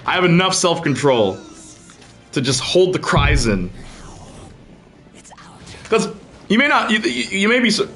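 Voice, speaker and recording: A man's voice: sits high, very animated, unhurried, long pauses, a bit bright, soft background music. A man streaming a game, chatting casually with his audience and friends in a rambling way full of fillers and restarts. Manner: talks to chat and friends, laughs often. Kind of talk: casual livestream chat while gaming.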